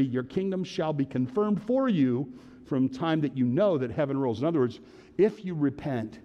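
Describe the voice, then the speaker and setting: A male pastor preaching a sermon, animated, calling out to the congregation and urging it to answer back. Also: fairly high pitch, long reverb tail.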